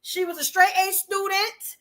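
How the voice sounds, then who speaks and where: Her voice is very high, steady, and a bit bright, and she keeps a measured pace. This podcast host is livestreaming, talking directly and chattily with her chat viewers, using lots of fillers and rhetorical questions.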